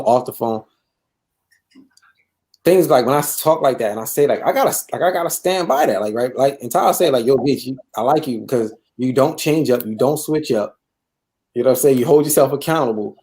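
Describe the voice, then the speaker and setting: A man's voice: mid-range voice, a little mellow. A man hosting a live gaming talk show, rambling and repeating himself, tagging lines with "bro" and "right?". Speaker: show host. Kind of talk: casual chat.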